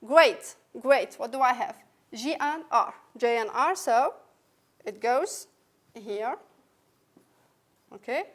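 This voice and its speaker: A woman with a high, light voice and a French accent walks students through English sounds. She is patient and careful, repeating each example word slowly and clearly. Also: animated, a bit bright. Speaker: English teacher. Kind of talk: recorded phonetics lesson.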